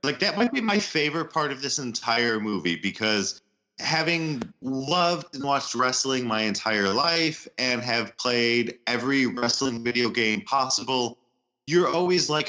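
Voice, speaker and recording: A man's voice: mid-range voice, expressive, unhurried, pushed and bright, rough recording. A man co-hosting a podcast, chatting enthusiastically in a casual way. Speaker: podcast co-host. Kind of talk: casual chat.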